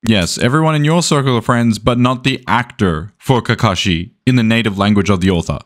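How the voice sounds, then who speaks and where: A man's voice: on the low side, a little fast. A young man commenting on a debate, arguing point by point in a lecturing, argumentative way. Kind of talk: debate rebuttal.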